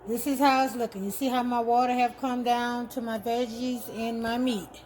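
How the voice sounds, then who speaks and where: High-voiced woman cooking at home. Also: flat delivery, moderate pace, darkish tone, a little hiss or hum, low-quality recording. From Texas. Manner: chatty, homey, repeats words while explaining. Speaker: cooking vlogger. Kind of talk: casual cooking demonstration. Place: home kitchen.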